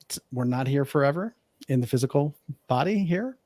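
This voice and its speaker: An earnest man of middle pitch, speaking as a guest on a podcast. He tells his story in a reflective, heartfelt way. The sound is close and dry, with no room around it. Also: lively intonation, a little fast, dark tone, no room sound. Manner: earnest, reflective, acts out remembered dialogue. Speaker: podcast guest, life coach. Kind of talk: personal storytelling in an interview.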